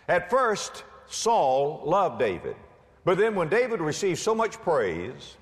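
Animated preacher in a reverberant hall. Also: male voice, mid-range voice. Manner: dramatic, rising to shouts at climaxes. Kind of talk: sermon.

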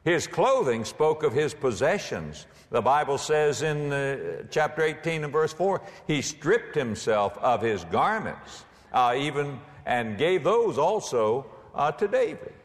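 A man preaching a sermon, his fairly high voice swinging widely as he builds to shouted peaks. The long reverb of a large hall trails after each phrase. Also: sing-song, measured pace, hardly any pauses. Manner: dramatic, rising to shouts at climaxes.

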